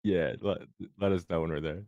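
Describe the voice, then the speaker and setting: A man with a very low voice, hosting a livestream in loose, rambling chat. The sound is dry and close, with no room around it. He jokes easily with his co-host and the chat. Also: fairly even intonation, a little fast, a little mellow, dry recording, highs cut off. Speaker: host of a sports betting stream.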